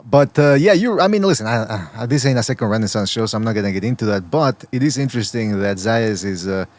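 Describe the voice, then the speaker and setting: A man hosting a boxing podcast who breaks down fighters in casual chat, analytical and quick to chuckle. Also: on the low side, lively intonation, darkish tone. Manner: analytical, given to chuckles and playful mimicry.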